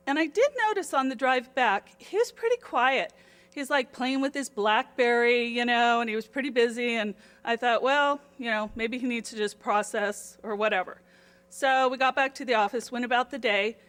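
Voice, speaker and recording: A middle-aged woman telling a story to her office staff in a chatty, animated and self-deprecating way. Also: on the high side. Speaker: office administrator. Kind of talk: casual storytelling to camera.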